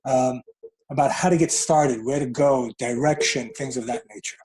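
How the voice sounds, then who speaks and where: A man's voice: mid-range voice, steady tone, normal speed, a little mellow, low-quality recording. A man from New York City hosting an interview, encouraging and rambling with many fillers. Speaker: host. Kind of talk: casual interview.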